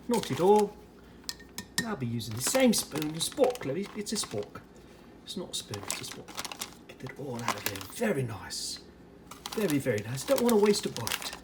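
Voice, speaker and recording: A casual food vlog voice with a put-on British accent, swooping up and down in pitch with lively energy. The speaker chats along while stirring, pouring and tasting, and a faint hum sits behind the voice. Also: measured pace, long pauses. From United States. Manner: chatty running commentary while preparing and tasting food. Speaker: ration reviewer.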